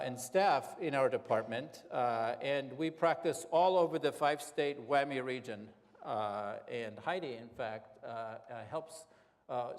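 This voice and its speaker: German-accented man lecturing in a hall. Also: mid-range voice. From Alps. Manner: relaxed, joking, many filler words. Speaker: psychiatry professor. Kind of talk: public lecture.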